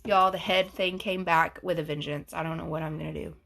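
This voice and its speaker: A woman's voice: sits low, fairly even intonation, brisk, gravelly, fairly bright tone. A woman, hosting a casual livestream, reading comments aloud in a chatty, giggly, gushing way. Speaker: livestream host.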